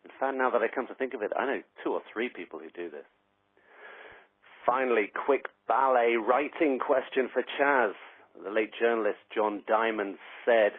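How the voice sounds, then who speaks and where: Brit caller with a low voice and a dry, wry delivery, heard over a thin, tinny phone line. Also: male voice, dry recording. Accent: British. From Britain. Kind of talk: voicemail read out on a podcast.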